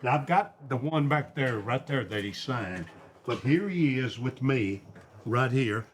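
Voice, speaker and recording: An older man, hosting and telling animated stories about his paintings and friends. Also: medium pitch, a little slow, a little hiss or hum. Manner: animated storyteller, quotes friends in their voices. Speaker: host, singer and painter. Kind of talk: storytelling conversation.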